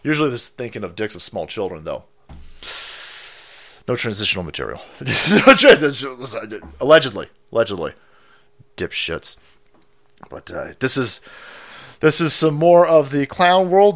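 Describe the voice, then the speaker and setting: A man hosting a stream, ranting and mocking in a foul-mouthed commentary style. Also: medium pitch. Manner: foul-mouthed, mocking, acts out silly voices. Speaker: streamer host.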